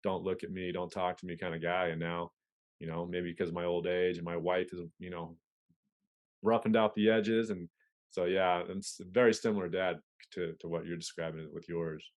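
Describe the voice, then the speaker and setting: In casual conversation on a podcast, a male police officer speaks frankly and profanely, often stopping and starting over. He has a low voice, a flat delivery, and a normal speed.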